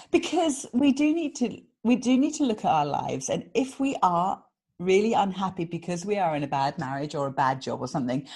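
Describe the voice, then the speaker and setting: A British woman from England, interviewed casually as a guest author, has a fairly low voice with a breathy edge. She tells her stories animatedly, often laughing and impersonating what people said.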